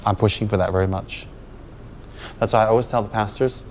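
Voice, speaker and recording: A man's voice: lowish voice, fairly even intonation, fairly quick, long pauses, darkish tone, slight background noise. A man, a Buddhist teacher, giving a dharma talk to students, emphatic and full of rhetorical questions.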